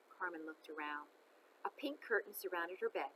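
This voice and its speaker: A woman reading a children's novel aloud, expressive and chatting to listeners between chapters. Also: on the low side, moderate pace, noisy background.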